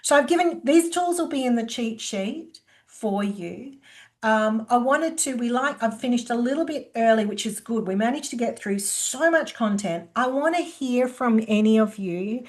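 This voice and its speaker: Woman webinar presenter, slightly high-pitched, lively teaching delivery. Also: moderate pace. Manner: lively, acts out quoted dialogue.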